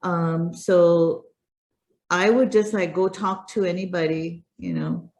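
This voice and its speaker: A woman's voice: lowish voice, steady tone, slow, darkish tone. A middle-aged woman with an American accent tinged with Pakistani, telling stories as an interview guest in a casual, chatty way full of fillers and restarts. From United States. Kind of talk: casual conversational storytelling.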